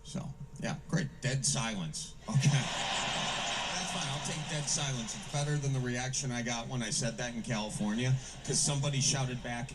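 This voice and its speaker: A man's voice: mid-range voice, normal speed. Midwestern stand-up man, distant stage sound. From American Midwest. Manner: self-deprecating storytelling, punchy asides. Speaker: stand-up comedian. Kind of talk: stand-up comedy routine. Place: comedy stage before a live audience. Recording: distant stage mic with hiss.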